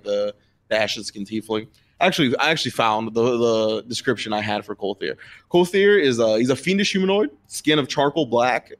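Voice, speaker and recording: Rambling male game master. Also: medium pitch. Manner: rambling, filler-heavy description. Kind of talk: narrating a tabletop game.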